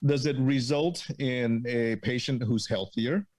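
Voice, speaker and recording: Man, doctor, mid pitch, measured, repeats himself. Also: darkish tone. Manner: measured, repeats words, tags "right?". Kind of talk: casual chat.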